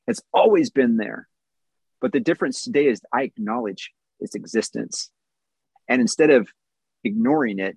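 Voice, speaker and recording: A man's voice: mid-range voice, gravelly, husky, no room sound, low-quality recording. A man in his thirties giving an earnest, candid personal testimony at a recovery meeting, answering questions with small self-deprecating laughs.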